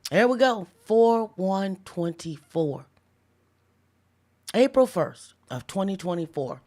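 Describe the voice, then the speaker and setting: A woman hosting a live devotional stream, talking casually with viewers and slowing down to stress key lines. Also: medium pitch, expressive, a little mellow. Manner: chatty, reads viewer comments aloud, slows down for emphatic lines. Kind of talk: casual livestream devotional preaching.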